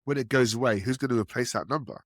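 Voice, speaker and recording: With clean studio sound and no room ambience, a fast-talking man recounts enterprise sales stories in casual podcast style. He's animated, acting out the people he quotes with a raised pitch.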